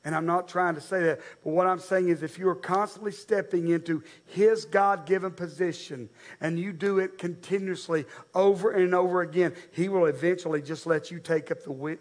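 High-voiced preacher. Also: male voice, steady tone, normal speed, hardly any pauses. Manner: conversational, direct, addressing the congregation. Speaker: pastor. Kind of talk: sermon.

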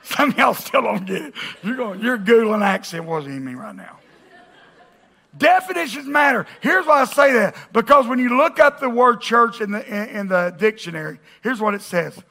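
High, bright-voiced pastor preaching. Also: male voice, expressive, normal speed, vocal fry, few pauses. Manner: conversational preaching with jokes and audience call-outs. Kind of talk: sermon. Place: church auditorium with congregation.

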